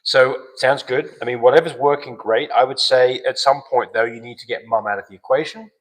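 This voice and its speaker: A man's voice: mid-range voice, fairly even intonation, a little fast, fairly bright tone, rough recording. A man hosting a live dog breeding stream, chatting casually and answering viewer questions with practical advice. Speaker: dog breeding show host.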